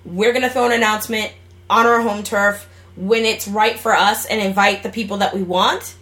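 A woman's voice: medium pitch, fairly even intonation, moderate pace, a bit bright. A young woman co-hosting a casual gaming and gadget podcast, bubbly and jokey, rambling with fillers. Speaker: podcast co-host.

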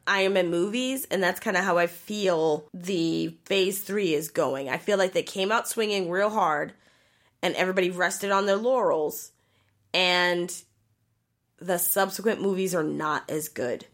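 A woman's voice: fairly low pitch, unhurried, a bit bright. A woman co-hosting a casual podcast, ranting animatedly and swearing freely. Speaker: podcast co-host.

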